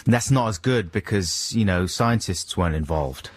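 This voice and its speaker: A man's voice: low-pitched, lively intonation, normal speed. A man in his thirties co-hosting a radio show, trading dry, understated quips in casual banter. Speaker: radio co-host. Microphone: studio microphone.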